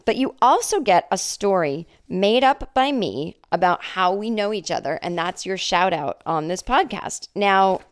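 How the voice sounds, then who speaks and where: A woman's voice: medium pitch, animated, unhurried, few pauses. A woman in her forties hosting a solo comedy podcast, chatting and telling a made-up story with lots of acted-out voices. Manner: chatty, jokey, acts out voices in her stories. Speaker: podcast host.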